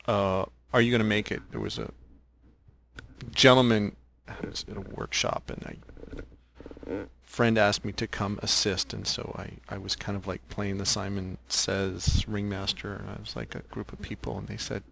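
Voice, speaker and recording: A man's voice: on the low side, level tone, moderate pace, gravelly, a bit bright, slight background noise. A man hosting a casual conversation, telling a workshop story with frequent laughs and reflective asides. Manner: laughs often, reflective, acts out quotes. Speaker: podcast host.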